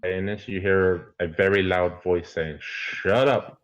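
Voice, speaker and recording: Deep-voiced guy running a d&d game, slow and hesitant, muffled stream audio. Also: little pitch movement. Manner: hesitant, filler-heavy narration. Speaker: dungeon master. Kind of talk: narrating a tabletop game.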